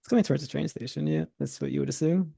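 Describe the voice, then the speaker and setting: A man narrating a tabletop horror game as game master, in a relaxed manner, chuckling between descriptions. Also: fairly high pitch, fast, vocal fry, husky, no room sound.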